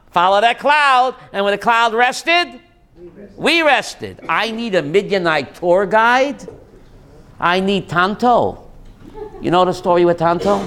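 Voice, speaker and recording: A man's voice: high voice, a bit bright. A man, a rabbi, giving a joking Torah class to a live audience and putting questions to them.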